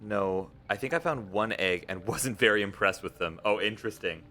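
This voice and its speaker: A man's voice: lowish voice, normal speed, pushed and bright, faint music behind. A young man streaming a game late at night, chatting casually, reading viewers' messages aloud and encouraging them. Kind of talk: casual live-stream chat while gaming.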